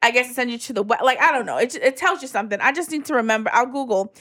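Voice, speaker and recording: A woman from Guyana with a high, bright, lively voice chats casually among friends. She tells her stories animatedly and laughs often. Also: rapid-fire. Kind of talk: casual chat.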